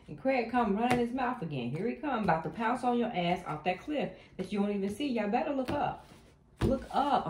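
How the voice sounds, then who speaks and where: A woman giving a tarot reading to her viewers, animated and blunt, cursing freely. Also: on the high side. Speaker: tarot reader. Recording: echoey room with faint noise.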